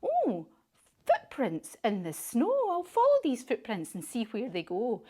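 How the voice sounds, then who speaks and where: Woman doing a little monster child, curious, drawn-out exclaiming, higher voice, slow. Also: huge pitch swings, a little mellow, full character voice.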